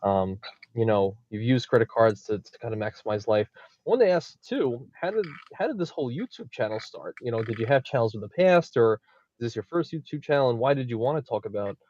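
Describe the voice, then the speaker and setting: A man hosting a casual interview over a video call, encouraging and quick to react with short exclamations. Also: medium pitch, lively intonation, a little mellow, dry recording. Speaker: podcast host. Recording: dull lo-fi video call audio.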